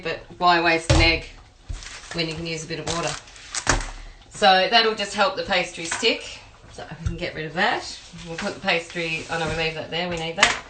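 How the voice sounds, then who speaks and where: Speaking in a fairly low pitch, this Australian home cook and private chef tells long, wandering anecdotes while she bakes a pie. The room is echoey and there's noise in the background, fitting the chatty demo feel.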